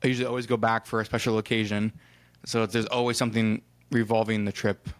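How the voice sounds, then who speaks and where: This podcast co-host, a man from Ohio, has a lowish, clean-toned voice and a flat delivery, and he talks fast. Chatting casually, he tells a rambling travel story, performs the characters' back-and-forth, and curses lightly along the way.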